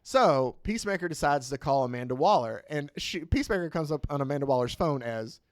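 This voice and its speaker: Animated man recapping a comic. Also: a little high, brisk, no room sound. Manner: animated, acting out lines from the comic. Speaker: podcast co-host. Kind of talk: casual chat retelling a comic.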